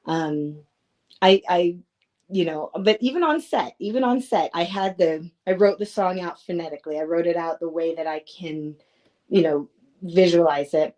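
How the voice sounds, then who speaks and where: A woman's voice: lowish voice, moderate pace, dark tone. A woman actress, a guest on a podcast, talking through her experience in a thoughtful, meandering way. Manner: thoughtful, rambling with fillers. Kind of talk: casual interview chat.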